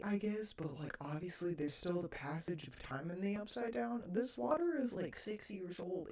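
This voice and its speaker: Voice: mid-range voice, darkish tone. A person reviewing a TV episode in a casual, rambling chat, with many fillers and some swearing.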